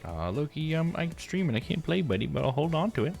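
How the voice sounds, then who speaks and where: A man's voice: on the high side, sing-song, fast talker, creaky, a little mellow, soft background music. A man streaming a game live, chatting in a laid-back way, laughing and talking to his dog. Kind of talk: live game playthrough with read-aloud dialogue.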